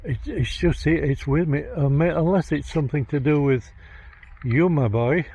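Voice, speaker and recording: A man working as a psychic medium, narrating a vlog outdoors in a graveyard, talking in a halting, hesitant way as he searches for words. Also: on the high side, warm tone, breathy edge. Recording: dull lo-fi outdoor recording.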